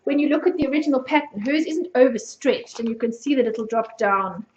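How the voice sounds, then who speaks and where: A woman's voice: high-pitched, brisk, echoey room, highs cut off, background noise. A South African woman hosting a podcast, chatting casually and mocking herself with frequent laughter. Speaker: podcast host. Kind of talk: casual chat.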